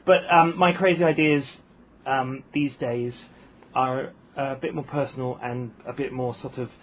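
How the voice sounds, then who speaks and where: A man's voice: medium pitch, steady tone, measured pace, a little hiss or hum, low-quality recording. A man with a posh British accent, a comedian guest telling wry anecdotes in casual chat, full of ums and restarts. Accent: posh British English.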